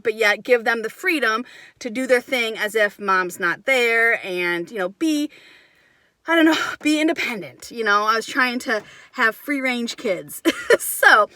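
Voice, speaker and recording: A woman's voice: medium pitch, pushed and bright, no echo. A middle-aged woman from Wisconsin, telling a rambling story in a casual vlog, often cutting herself off. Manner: chatty, rambling, self-interrupting. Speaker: homesteading vlogger.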